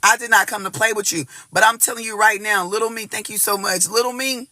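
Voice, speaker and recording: A man with a high, very bright voice gives a casual tarot reading to his viewers. He talks in an animated rush, swears often and circles back over his own words. The sound is close and dry. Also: fairly quick, no echo. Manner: animated, cursing, repeats words and phrases. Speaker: tarot reader.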